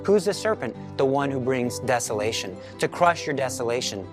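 A man's voice: medium pitch, animated, moderate pace, over music. A man giving a spiritual teaching talk, speaking in a firm, emphatic prayer cadence. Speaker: Catholic teacher.

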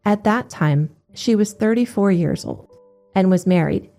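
A woman giving a steady, measured scripted narration of religious accounts. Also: mid-range voice, creaky, soft background music.

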